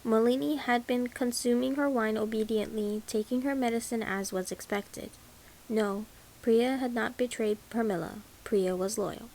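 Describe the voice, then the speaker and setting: A woman reads a novel aloud at an even, unhurried pace. Her voice sits a little high and has a gravelly edge. A faint hiss runs under the recording. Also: rough recording. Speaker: audiobook reader. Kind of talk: audiobook narration.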